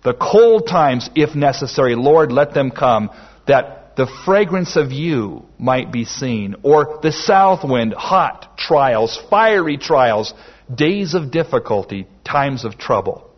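A man preaching a sermon slowly and emphatically, with dramatic pauses. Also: mid-range voice, very animated, breathy edge. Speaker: pastor. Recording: dull lo-fi sermon recording.

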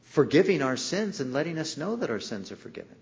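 A man's voice: on the high side, sing-song, a little fast, slightly rough, muffled recording. A man preaching a sermon in an earnest way, sometimes acting out the voices in the stories he tells. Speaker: pastor.

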